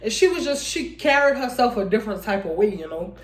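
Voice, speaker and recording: A woman's voice: a little high, lively intonation, a little fast, roomy sound. A young woman vlogger, talking in a rambling, heartfelt way and often addressing her viewers as y'all. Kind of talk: casual heartfelt vlog talk.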